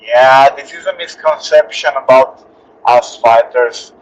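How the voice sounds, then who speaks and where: A male fighter answering interview questions earnestly in halting, restarting English. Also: medium pitch. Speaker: UFC fighter being interviewed. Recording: slightly dull lo-fi audio.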